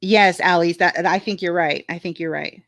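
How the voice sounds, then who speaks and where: A woman's voice: on the low side, steady tone, moderate pace, a bit bright, no room sound. A woman casually chatting on a livestream, frank and talkative, reading viewer comments aloud. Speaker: livestream co-host reading chat.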